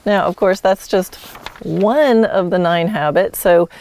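A woman's voice: on the low side, unhurried, darkish tone. A woman hosting a solo podcast, teaching horsemanship in a friendly, instructive way with light laughs.

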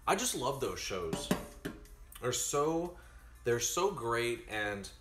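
A man chatting casually to his stream while baking, rambling and animated. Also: mid-range voice, slow pace, reverberant, music in the background.

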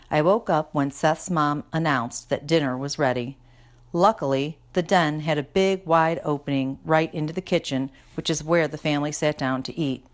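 Woman storybook reader, low voice, chatty first-person narration. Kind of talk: storybook read-aloud narration.

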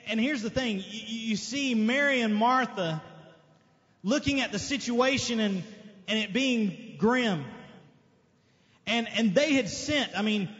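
A man's voice: extremely high pitch, a bit bright. A man pastor reading scripture and then preaching earnestly, repeating phrases and asking rhetorical questions, in a church. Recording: dull lo-fi church recording with long reverb.

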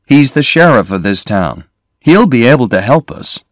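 A man's voice: medium pitch, very animated, normal speed, dry recording, clean studio sound, voice pushed up, close to an everyday voice. A man reading the lines of a worried adult man who speaks urgently and insistently. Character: worried adult man helping his friend.

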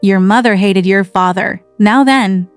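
A woman's voice: medium pitch, measured pace, clear, resonant tone, dry recording, faint music behind, natural voice. A woman reading as a sickly, spiteful teenage boy. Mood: peevish. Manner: peevish, taunting.

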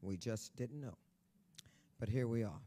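A woman in her sixties, a guest author telling stories on stage at a live event, brassy, bawdy and loud, laughing often and talking straight to the audience. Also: very deep voice, unhurried, noisy background. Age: 60s. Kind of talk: storytelling on stage.

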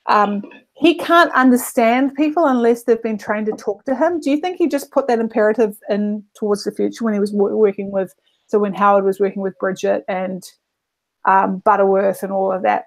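A woman, chatting casually about a book on a podcast, rambling and correcting herself as she goes. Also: mid-range voice. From New Zealand. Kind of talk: casual chat.

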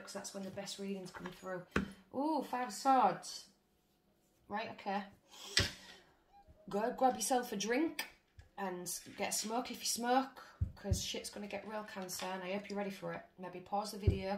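A woman giving a casual tarot reading to her viewers, chatty and blunt, swearing freely as she goes. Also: mid-range voice. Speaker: tarot reader. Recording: echoey room with faint noise.

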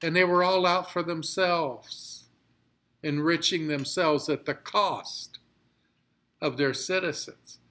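A pastor teaching a Bible study, reading scripture slowly and explaining it with emphatic repetition. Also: male voice, on the high side, fairly even intonation, pushed and bright.

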